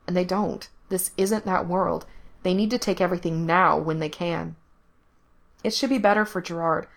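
A woman with a somewhat low voice reads a story aloud in scripted narration. Her delivery is soft and intimate, easing down to a near-hush in the tender passages. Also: creaky. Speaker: reader. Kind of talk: scripted narration of explicit fan fiction.

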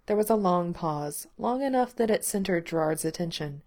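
A woman narrating fiction aloud in a calm, measured, unhurried way. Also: lowish voice.

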